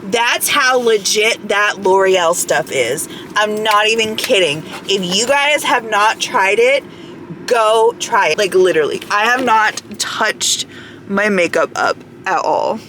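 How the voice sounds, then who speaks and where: A woman in her thirties talks to her phone camera from a car, rambling and chatty, with lots of "like" thrown in. Her voice sits at an average pitch, and a faint hum of traffic runs underneath. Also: lively intonation, takes it slowly. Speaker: vlogger. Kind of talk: casual chat to camera.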